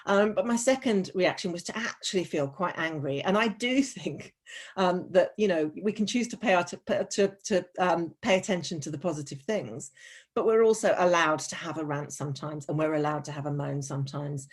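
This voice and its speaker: A woman's voice: lowish voice, moderate pace. A woman presenting a teacher wellbeing webinar, chatty and frank, with frequent ums, restarts and sarcastic asides.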